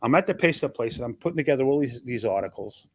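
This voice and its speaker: A rapid-fire older man from Long Island tells old stories with a comedian's timing, breaking into quick character voices as he goes. His voice sounds close and dry, with no room around it. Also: medium pitch, husky, dry recording. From Long Island, New York. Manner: animated, acts out voices of people in his stories. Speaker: comedian guest telling stories. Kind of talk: casual storytelling interview.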